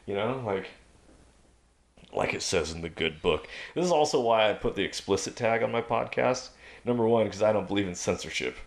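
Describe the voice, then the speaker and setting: Man, low voice, emphatic, preachy, casual podcast guest. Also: expressive, fairly quick, vocal fry.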